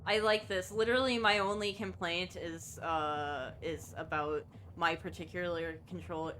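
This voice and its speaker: A woman's voice: fairly low pitch, fairly even intonation, moderate pace, fairly bright tone, a little hiss or hum. A woman streaming a game and chatting casually, thinking aloud and swearing freely.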